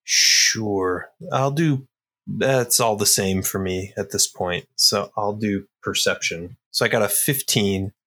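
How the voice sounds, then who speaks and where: A man muses through his choices at a tabletop game, talking unhurriedly in a lowish voice. His casual chat wanders as he thinks aloud. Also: slow, sharp tone. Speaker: player.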